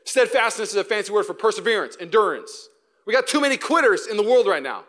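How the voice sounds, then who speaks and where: A young man preaching a sermon as pastor, animated and joking, slipping into quick playful voices. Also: high voice.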